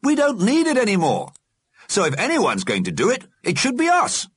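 A man voicing a pompous old male ghost alderman who speaks in a measured way. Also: sits high, huge pitch swings, slightly rough, no echo, studio quality, voice pushed up, full character voice.

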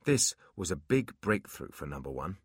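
A man narrating a fantasy audiobook in an expressive storytelling manner. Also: sits low, moderate pace, dry recording, studio quality.

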